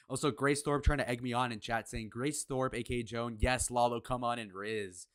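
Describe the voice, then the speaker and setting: A man's voice: medium pitch, steady tone, moderate pace, hardly any pauses, clear, resonant tone, no echo. Brash crude young man, dry close mic. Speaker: livestream reaction host. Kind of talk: live-stream reaction commentary. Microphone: headphones on, desk mic.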